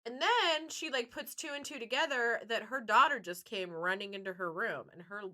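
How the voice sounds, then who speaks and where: A woman hosting a podcast, telling a true-crime story in a casual, chatty way, animated and quick to swear and laugh. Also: fairly high pitch. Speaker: podcast host.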